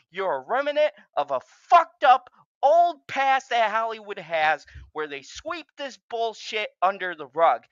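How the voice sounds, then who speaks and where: A man rants with furious, swearing heat, his pitch swinging widely as he stammers when worked up. The sound is dry, with no room around it, and slightly dull and lo-fi. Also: bright, forceful tone, dry recording. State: agitated, racing heart. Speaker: show host. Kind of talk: angry ranting commentary.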